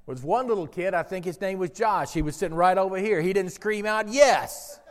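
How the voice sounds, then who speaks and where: Brief: higher-voiced male pastor, lively storyteller, long church reverb. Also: normal speed. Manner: animated storyteller, gets loud and drawn out for emphasis. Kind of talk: sermon with humorous stories. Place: church sanctuary with congregation.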